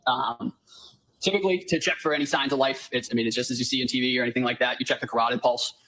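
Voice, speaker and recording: A man testifying in court as a firefighter paramedic, answering politely and in a measured way. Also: medium pitch, steady tone, bright, forceful tone, slight background noise, poor audio.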